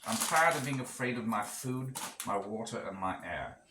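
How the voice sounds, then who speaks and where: This cooking vlogger has a mid-range, expressive voice and a moderate pace, rambling casually with wry asides as he cooks in a rental kitchen with a gas stove. The audio is roomy and noisy from a distant mic, and a pot boils on the stove.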